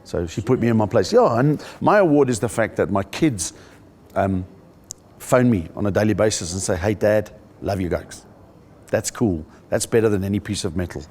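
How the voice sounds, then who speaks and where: Middle-aged man, South African accent, fairly low voice, lively comic storytelling, interview. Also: brisk. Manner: animated storyteller, jumps into high-pitched voices for jokes. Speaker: stand-up comedian.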